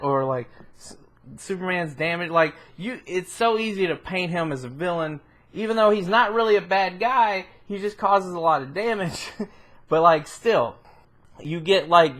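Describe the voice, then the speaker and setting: A man's voice: fairly high pitch, fairly bright tone. Rambling, giggly man reviewing a film. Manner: rambling, filler-heavy, laughs often, swears casually. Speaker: movie reviewer. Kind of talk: casual spoken film review.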